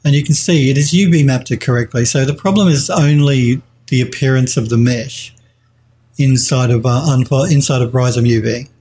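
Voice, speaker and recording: A man's voice: mid-range voice, normal speed, darkish tone, a little hiss or hum. A man streaming a live 3D modelling tutorial, thinking aloud as he works, hesitating and correcting himself while he answers chat.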